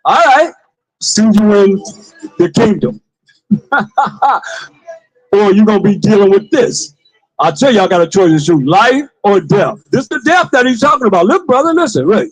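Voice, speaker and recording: A man street preaching to passers-by, with forceful call-and-response, repeated phrases and bursts of shouting. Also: high voice, animated, normal speed, long pauses, low-quality recording. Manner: forceful call-and-response, commands a reader to read.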